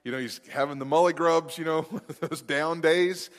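A man's voice: on the high side, steady tone, normal speed, long reverb tail. A man preaching a sermon as pastor, in a conversational, rambling way with many restarts and asides.

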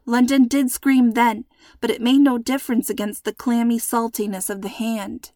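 A woman's voice: fairly high pitch, little pitch movement, warm tone, no echo, clean studio sound. Woman narrating a suspenseful storybook. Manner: measured, suspenseful reading.

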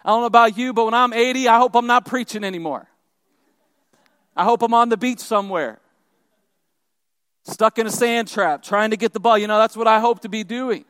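A man's voice: very high voice, steady tone, brisk, pauses often, fairly bright tone, smooth, dry recording, studio quality. A male pastor preaching a sermon, retelling a story in a conversational way with asides to the congregation.

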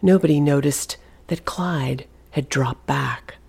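A narrator reading a suspenseful novel aloud, in a hushed delivery that often drops to a whisper. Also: medium pitch, slow, gravelly, breathy edge. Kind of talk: audiobook narration.

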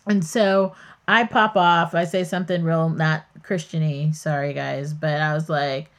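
A woman's voice: sits low, fairly even intonation, unhurried. A woman hosting a podcast, telling a story in a candid, chatty way that often wanders off topic. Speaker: podcast host. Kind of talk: casual storytelling.

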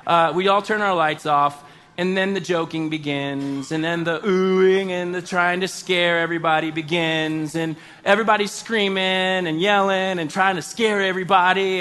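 Male comic storyteller, high bright voice, animated and self-mocking. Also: normal speed, clear, resonant tone. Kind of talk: comedic personal storytelling.

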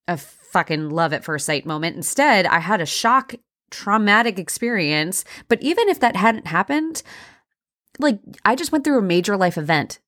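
A woman's voice: fairly low pitch, fairly bright tone. A young woman hosting a podcast, candidly telling a personal story in a conversational way with many fillers. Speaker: podcast host.

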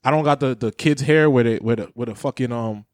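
A man's voice: medium pitch, fast talker, a little mellow, dry recording. A man co-hosting a podcast in casual, profane banter, joking and laughing often. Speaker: podcast co-host.

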